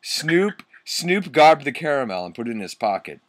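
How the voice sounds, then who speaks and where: A man's voice: on the low side, moderate pace, few pauses, dry recording. A young man doing a comic reading of a bad story, mocking and swearing at the text. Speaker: reader.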